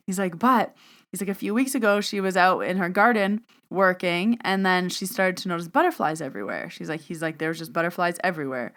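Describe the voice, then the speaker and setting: Chatty woman podcaster with a smooth voice. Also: fairly low pitch, fast, fairly bright tone. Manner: chatty, peppered with "like", acts out quoted exchanges. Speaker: podcast host and medium. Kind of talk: casual storytelling monologue.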